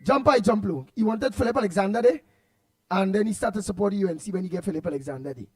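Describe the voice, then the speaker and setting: Trinidadian male radio host, very high pitch, animated and rambling. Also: fast, faint music behind. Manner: animated, repetitive, laughs often, loud outbursts. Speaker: radio talk show host. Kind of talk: casual radio chat reading listener comments.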